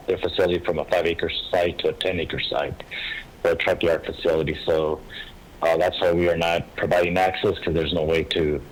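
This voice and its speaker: Low-voiced man testifying at a city meeting. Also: low-quality recording. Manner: halting, restarts, plain explanatory. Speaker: applicant's engineer.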